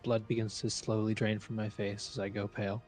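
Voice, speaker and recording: A man playing a tabletop game, slowly and gravely describing his character's actions in the first person. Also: lowish voice, flat delivery, darkish tone, faint music behind. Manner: slow, grave, drawn out. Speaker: player.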